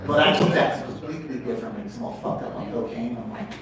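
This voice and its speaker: A man in his forties from Portland, Oregon, USA, does crude, profane open mic stand-up and banters with the crowd at a small indoor comedy venue. His voice is mid-range and his pace quick. The recording is echoey, with a distant mic.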